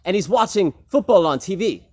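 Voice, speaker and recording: Lively young man telling a rambling story. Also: high voice, a little fast, breathy edge. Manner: rambling, giggling, many fillers. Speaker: talent show storyteller. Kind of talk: improvised comic storytelling.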